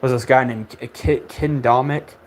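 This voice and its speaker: A man's voice: medium pitch, fairly even intonation, normal speed, a little hiss or hum. A young man in a casual podcast monologue. He rants with constant swearing and scorn, rambling and stammering as he restarts his sentences. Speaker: podcast host.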